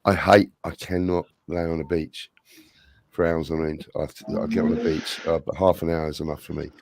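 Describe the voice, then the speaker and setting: A man's voice: a bass voice, level tone, fairly quick, vocal fry, background noise. A man chatting casually about holidays, hesitant and full of fillers. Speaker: podcast co-host. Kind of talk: casual chat.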